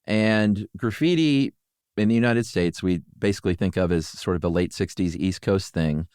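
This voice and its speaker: Low-voiced rambling middle-aged male co-host. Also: normal speed, clean tone, no echo, studio quality. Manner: relaxed, rambling, full of fillers. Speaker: podcast co-host and ad reader. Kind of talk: casual chat.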